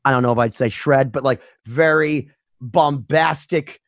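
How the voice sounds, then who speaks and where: A middle-aged man co-hosting a podcast, an animated storyteller who swears freely and acts out voices. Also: medium pitch, moderate pace, no room sound, clean studio sound. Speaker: podcast co-host, musician. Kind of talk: casual chat.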